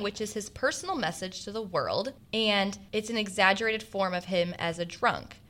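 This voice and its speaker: A young woman with a bright, ringing voice, chatting on a podcast. She is bubbly and excitable. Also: mid-range voice. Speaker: podcast co-host. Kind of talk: casual podcast chat.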